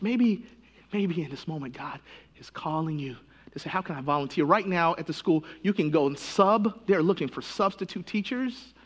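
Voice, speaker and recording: A man's voice: a little high, lively intonation, normal speed, breathy edge. A man preaching a sermon as pastor, impassioned and emotional, repeating phrases for emphasis. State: near tears at times.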